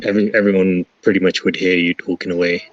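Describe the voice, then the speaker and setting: A man playing a tabletop game over a voice call, asking halting questions and restarting his sentences. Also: sits low, little pitch movement, muffled recording, a crowd in the background. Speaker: player.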